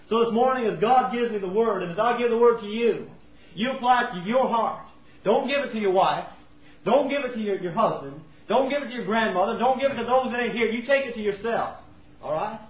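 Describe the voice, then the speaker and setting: A man preaching a sermon in a folksy way, acting out everyday scenes. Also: high voice. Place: church sanctuary. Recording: tinny, roomy, from far off.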